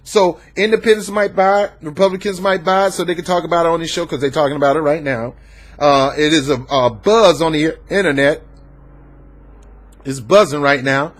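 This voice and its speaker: A man's voice: fairly high pitch, a little fast. A man from the American South, giving an emphatic, repetitive political rant and talking back at the people he discusses. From Southern United States. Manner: emphatic, repetitive, talks back at his subjects. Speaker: political commentator. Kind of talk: ranting political commentary.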